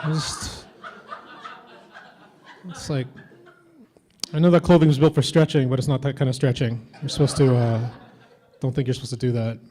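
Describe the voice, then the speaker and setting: A man from the Philippines performing a stand-up comedy set at a convention, offhand and deadpan with lots of fillers. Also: medium pitch. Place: convention stage before a crowd.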